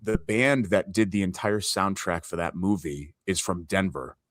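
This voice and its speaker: A man co-hosting a sports talk show from a hotel room, talking in a hushed, easygoing way. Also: low voice, moderate pace, dry recording, clean studio sound. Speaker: podcast co-host.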